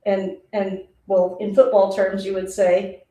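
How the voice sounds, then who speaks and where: A woman talking through a live football game as a streamer, chatty and rambling and often laughing. Her voice is mellow and a little dark. It sits away from the mic in an echoey room. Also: medium pitch, steady tone, takes it slowly. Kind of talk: casual live play-by-play reaction. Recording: roomy, distant mic.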